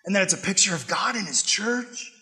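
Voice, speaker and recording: A man's voice: high-pitched, expressive, brisk, pushed and bright. A man preaching a sermon, emphatic and conversational, with frequent rhetorical questions. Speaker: pastor.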